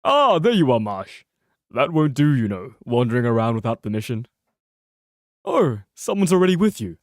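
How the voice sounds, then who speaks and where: A friendly male doctor chides someone mildly, in a lively, up-and-down voice, as a man reads him from game dialogue. The sound is dry and close. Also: mid-range voice, normal speed, no room sound. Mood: chiding. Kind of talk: reading game dialogue aloud.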